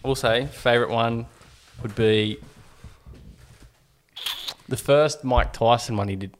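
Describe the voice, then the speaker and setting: A man's voice: medium pitch, slow. A young man from Newcastle, Australia, with an Australian accent, hosting a casual sports podcast in an easygoing way, with plenty of ums. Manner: easygoing, uses fillers and mate. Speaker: podcast host.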